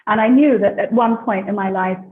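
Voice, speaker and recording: A woman's voice: medium pitch, fairly quick. Chatty British woman on a tinny line. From London, England. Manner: chatty, laughs often. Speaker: guest. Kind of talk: casual interview chat. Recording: echoey, tinny phone-like line.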